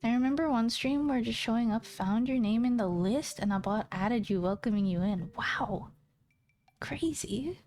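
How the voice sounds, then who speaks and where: Speaking a little fast with few pauses, this woman has a high-ish voice and a dark tone, with faint music in the background. As a streamer, she chats casually with viewers, teasing them playfully, laughing a lot and addressing them directly.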